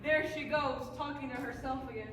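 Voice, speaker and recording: A woman's voice: high voice, fairly quick, fairly bright tone, slight background noise. A woman playing a mean, giggly young stepsister in a live stage comedy, gleeful and mocking. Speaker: stage actor. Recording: echoey live stage from far off.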